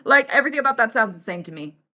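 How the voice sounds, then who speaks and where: A young woman streamer with a fairly high, bright voice that swings widely in pitch as she gives blunt advice to her chat. She swears freely and slips into voices to act out the people she quotes. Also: animated, very fast.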